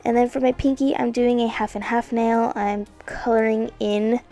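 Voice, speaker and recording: Over soft background music, a woman gives a relaxed voice-over for a nail art video, playful and talkative, with self-corrections and side comments. She speaks at normal speed in a fairly high voice with fairly even intonation.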